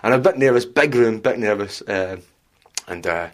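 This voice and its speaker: A man's voice: on the low side, normal speed. A Scottish man, a stand-up comedian, telling anecdotes about bad gigs and laughing often. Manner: animated storyteller, laughs a lot.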